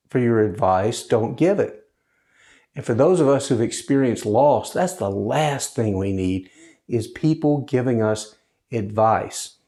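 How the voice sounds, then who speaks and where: A man speaks in a lively voice whose pitch swings up and down as he talks. He sounds conversational and wry, slipping into sarcasm, a widower now living alone and talking about his grief. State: widowed, grieving. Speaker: host. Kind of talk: personal monologue.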